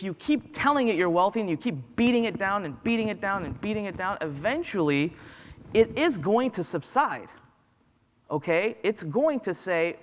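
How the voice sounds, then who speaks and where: A man with a fairly high voice gives a motivational talk from a stage. He tells personal stories in an animated way and acts out the dialogue. His voice rings with the long reverb of a big hall. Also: moderate pace. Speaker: motivational business speaker.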